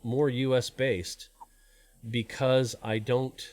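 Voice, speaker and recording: A man's voice: medium pitch, level tone, slow, darkish tone, no echo, faint music behind. A man in his forties, born in Canada and raised in the US, hosting a live stream in a rambling, self-deprecating, casual way. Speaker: stream host.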